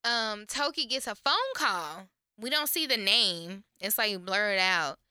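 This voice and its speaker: Podcast co-host, woman, casual storyteller; bright, crisp voice, dry close recording. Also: medium pitch, slow pace, dry recording. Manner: animated storytelling, acts out quotes, swears freely. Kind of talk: casual chat recapping reality TV.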